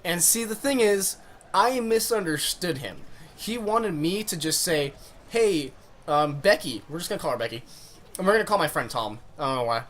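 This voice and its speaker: A man's voice: a little high, lively intonation, moderate pace, fairly bright tone, a little hiss or hum. A young man casually telling a funny story on his vlog, rambling and swearing as he goes. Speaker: vlogger.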